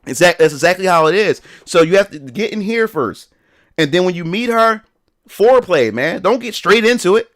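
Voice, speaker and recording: A man's voice: high-pitched, animated, moderate pace, fairly bright tone. Rambling, slangy young man streaming. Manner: rambling, slangy, full of restarts and fillers. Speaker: live streamer. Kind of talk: casual livestream chat.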